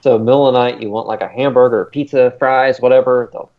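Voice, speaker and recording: A man with a medium-pitched voice talks at a quick pace while co-hosting a podcast. The casual chat is rambling and excitable, heavy with "uh" fillers, and the recording is dull and lo-fi.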